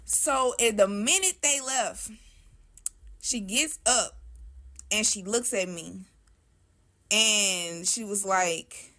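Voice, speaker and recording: A young woman tells a spooky personal story in a loose, slangy storytime manner. She talks straight to her viewers, and her voice sits in an ordinary middle pitch. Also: slow, pauses often, sharp tone. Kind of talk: casual storytime.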